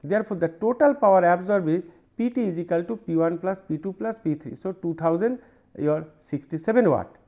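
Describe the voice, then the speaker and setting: Over a narrow phone-like band, a man with an Indian English accent and a high-pitched voice lectures at a university. He works through examples, pausing often, repeating himself and checking in with "right?"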